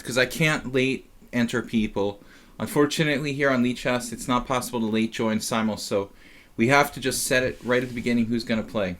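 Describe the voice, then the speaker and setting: A man's voice: medium pitch, a bit bright. A tired man casually commentating his chess simul on a live stream, rambling and chatty with lots of fillers.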